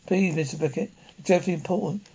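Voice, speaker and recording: A man's voice: sits high, fast, a little mellow, slightly rough. An actor playing a desperate man who insists he must be seen, in a 1960s television drama. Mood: pleading. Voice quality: urgent, insistent. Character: desperate, pleading man begging for an urgent meeting. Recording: dull 1960s television soundtrack.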